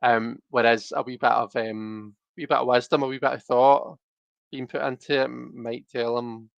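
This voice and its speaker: A man's voice: mid-range voice, steady tone, normal speed, creaky, dry recording, muffled recording. A man hosting a casual tarot livestream, rambling and chatty with lots of restarts and fillers, talking straight to his viewers. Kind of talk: casual chat to live viewers.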